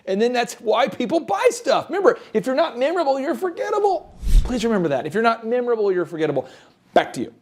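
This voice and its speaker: A man from the American Midwest hosting a business show, giving animated sales advice and acting out pitches. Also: fast talker. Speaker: host, business coach. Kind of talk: energetic business advice talk.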